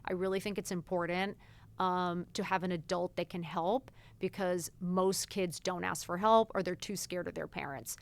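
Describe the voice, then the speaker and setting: A woman in her forties hosts a podcast answering follower questions, speaking at normal speed in a lowish voice. She is frank and animated, swearing freely and acting out quoted exchanges in a candid, casual chat.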